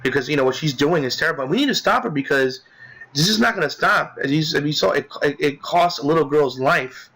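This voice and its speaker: A man's voice: on the high side, expressive, fairly quick, fairly bright tone, husky, low-quality recording. A young man giving casual game commentary, rambling with many fillers and restarts, and growing indignant about a character. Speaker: let's play commentator.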